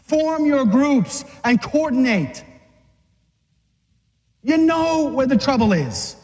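A man's voice: extremely high pitch, big pitch swings, slow pace, darkish tone. A man preaching an urgent, fiery sermon to men, exhorting them and acting out scenes. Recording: long reverb of a large hall.

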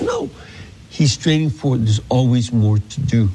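A man teaching a Bible passage, reading verses slowly and then explaining them earnestly. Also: on the high side, wildly swooping pitch, darkish tone, breathy edge, rough recording. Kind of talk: scripture teaching.

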